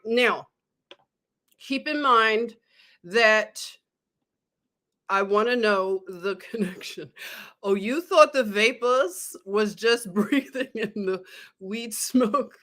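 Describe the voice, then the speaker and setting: A woman hosts a casual live stream, chatting and giggling as she talks straight to her viewers. Her voice sits a little high for a woman. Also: a bit bright.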